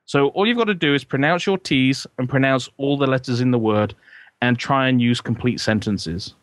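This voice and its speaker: Male guest, mid-pitched, chatty and rambling, dry close mic. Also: moderate pace, dry recording. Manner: chatty, rambling with restarts and jokes. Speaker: guest consultant. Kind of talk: casual podcast chat.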